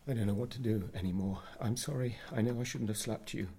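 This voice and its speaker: A manipulative young husband in a radio drama. His voice sounds gravelly and deeply husky, with a dark, heavy tone. He guilt-trips and turns the blame back on his wife. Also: quick pace. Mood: strained. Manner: guilt-tripping, pleading then accusing.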